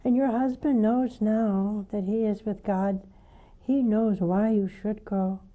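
A woman, a nun hosting a call-in show, teaching with devotion and counselling callers, swinging from fervent high exclamations down to soft, intimate asides. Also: steady tone, phone-quality sound. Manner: slow, emphatic, rising to fervent highs then dropping soft.

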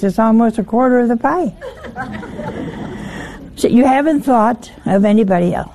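A woman's voice: on the high side, normal speed, long pauses, warm tone, a little hiss or hum. An older woman giving a folksy sermon, often putting rhetorical questions to her listeners. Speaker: religious teacher.

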